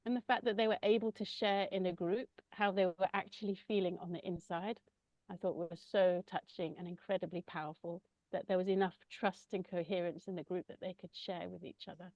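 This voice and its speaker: A woman gently describing her children's massage work, pausing often with ums. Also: on the low side, steady tone, no room sound, dull audio. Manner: gentle, hesitant with many ums. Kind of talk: casual conversational sharing.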